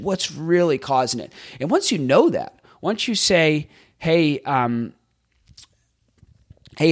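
A man hosting a podcast, recapping on his own in a chatty way, thinking out loud and tossing in rhetorical questions. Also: mid-range voice. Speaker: podcast host.

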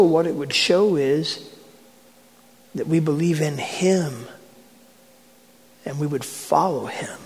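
High-voiced male preacher in an echoing hall. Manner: questioning, dramatic retelling. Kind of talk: sermon. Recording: long hall reverb.

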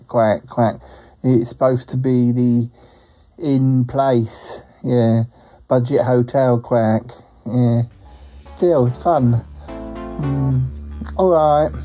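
A man voicing a chatty, lonely male talking duck who rambles and drops quacks into his speech. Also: mid-range voice. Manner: rambling, drops in quacks, laughs at own jokes. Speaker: show regular. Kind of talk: comic character monologue.

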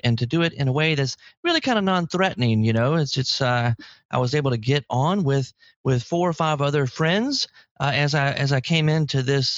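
A man hosting a podcast in casual chat, lively and talkative, with sudden jumps in pitch. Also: dry recording. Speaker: podcast host. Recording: dry, slightly dull lo-fi audio.

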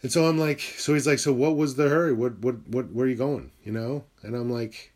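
A man's voice: mid-range voice, fairly quick, hardly any pauses. Middle-aged guy on a podcast ranting through a story, swears a lot, jumps into other people's voices. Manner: profane, animated, acts out quoted voices. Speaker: podcast host. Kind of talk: casual storytelling monologue.

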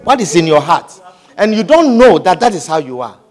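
A man preaching a sermon, repeating his points with emphasis and moving between hushed and loud delivery. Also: sits high, big pitch swings, a little fast. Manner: repetitive emphatic preaching, swinging from soft to loud.

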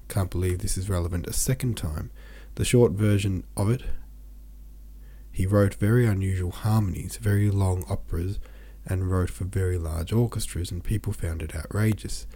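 A man's voice: low voice, steady tone, normal speed, dark tone. A man hosting a reading podcast, chatting casually with rambling asides while congested. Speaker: podcast host. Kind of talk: casual chat.

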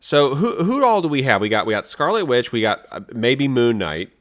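Animated, excitable podcast host man. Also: medium pitch, moderate pace. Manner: animated, excitable, frequent restarts. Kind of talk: casual chat.

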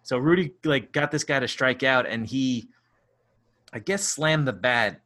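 A man's voice: medium pitch, measured pace, bright, forceful tone. A man co-hosting a podcast in casual chat, telling rambling stories with frequent laughs and swearing. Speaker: podcast co-host.

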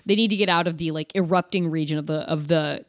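A woman's voice: deep voice, fast talker. Sarcastic, profane woman podcast host. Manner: animated, profane, sarcastic retelling. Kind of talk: casual chat recapping a film.

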